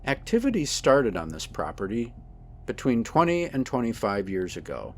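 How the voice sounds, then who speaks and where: A man giving a measured, scripted voice-over narration for a documentary. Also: medium pitch, a little hiss or hum. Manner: measured, steady voice-over delivery.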